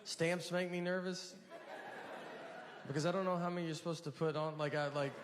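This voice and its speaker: Guy doing standup, deadpan and kinda rambling, stopping and restarting, slightly high voice, long echo, audience laughing clearly. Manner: deadpan, halting, rambling storytelling. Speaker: stand-up comedian. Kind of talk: stand-up routine. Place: large venue with a live audience. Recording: live stage mic in a reverberant hall with audience noise.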